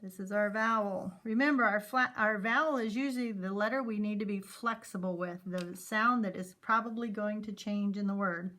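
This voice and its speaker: A female teacher runs a phonics lesson for little kids, pronouncing letter sounds slowly and clearly while cheering the children on. Her mid-range voice sounds pushed and bright.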